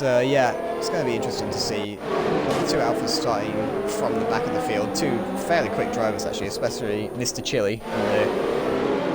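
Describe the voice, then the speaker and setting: Man commentating a sim race. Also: medium pitch. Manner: chatty, rambling, self-correcting. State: slightly crackly voice. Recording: loud background engine noise.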